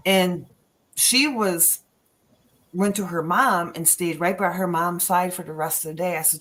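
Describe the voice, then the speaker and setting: With a fairly low-pitched voice at a normal pace, a woman shares personal stories as a guest on a paranormal podcast. She animates her tales by acting out the quotes, voices and sounds.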